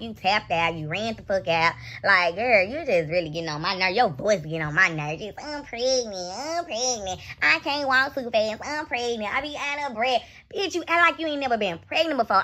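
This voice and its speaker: A woman's voice: a little high, pushed and bright. A young woman ranting bluntly and profanely in a raw live reaction vlog, mocking and scolding. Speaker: reaction vlogger.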